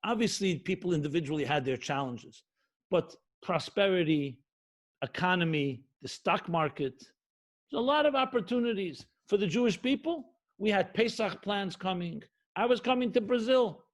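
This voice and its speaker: A man's voice: high voice, animated, normal speed. A middle-aged man, a rabbi, giving an impassioned sermon with emphatic repetition and rhetorical questions. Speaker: rabbi teaching Jewish spirituality.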